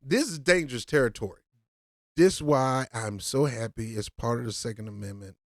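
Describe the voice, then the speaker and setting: A woman's voice: extremely low pitch, moderate pace, no echo. A woman giving a slangy, mocking reaction commentary on a street video.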